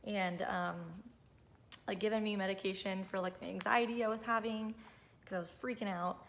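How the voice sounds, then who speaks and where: A woman's voice: mid-range voice, fairly even intonation, normal speed, fairly bright tone, slight background noise. A woman in her twenties telling a personal story to camera in a chatty, emotional way, full of "like" and "um". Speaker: vlogger.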